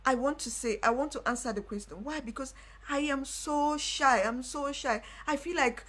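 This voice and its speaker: A young woman hosting a live stream, telling a personal story in casual talk with animated delivery and repeated phrases. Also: high voice, normal speed. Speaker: livestream host.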